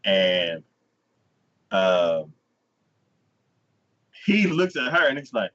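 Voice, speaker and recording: Man, podcast host, casual anime recap, lively pitch, acts out characters, dull lo-fi audio. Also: drawn-out words. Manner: animated storytelling, acting out characters in exaggerated high voices.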